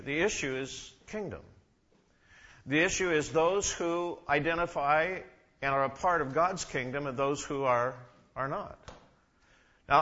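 A man preaches a sermon in a bright, forceful voice that sits a little high for a man. He keeps asking the congregation questions, swinging between loud emphasis and quiet asides. The recording is dull and lo-fi. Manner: asks the congregation questions, rises and drops in volume.

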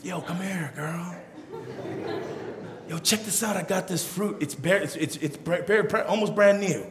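A man voicing a smooth-talking male serpent who coaxes in hushed, slangy tones. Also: high voice, unhurried, echoey room, background noise. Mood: coaxing.

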